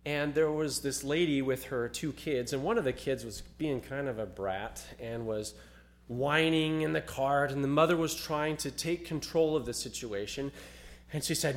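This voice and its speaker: A man preaching an earnest Christmas sermon as a pastor, growing louder when he reads scripture. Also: mid-range voice, moderate pace.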